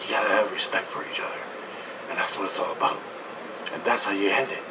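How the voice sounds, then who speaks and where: A man voicing a stern, calm female priestess who lectures in a low, hushed, insistent way. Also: quick pace, noisy background, close to an everyday voice. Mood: lecturing.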